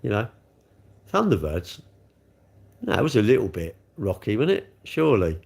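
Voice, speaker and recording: A man in his sixties with a gravelly voice, hosting a casual live stream, chatting and joking as he answers viewer comments. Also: on the low side, very animated, moderate pace, darkish tone. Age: 60s. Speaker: livestream host reading chat.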